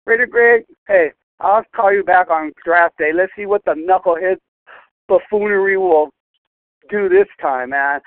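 A man's voice: high voice, a little slow, dry recording. A man calling in to a fan show, ranting and cursing in frustration. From Southern California. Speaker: caller. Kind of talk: angry voicemail rant. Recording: tinny phone line, dry.

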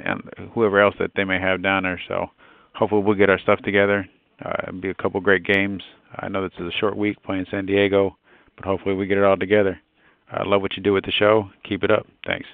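A man's voice: low-pitched, creaky, no room sound. A man from Maryland leaving a disgusted voicemail for a podcast host. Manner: disgusted, complaining. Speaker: caller. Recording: tinny phone line, dry.

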